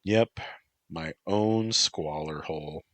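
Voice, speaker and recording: A man's voice: rumbling low, slow pace, a bit bright, no room sound, full character voice. A man voicing an emotional young woman who pleads, cries and lashes out. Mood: wry. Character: volatile, heartbroken young woman actress.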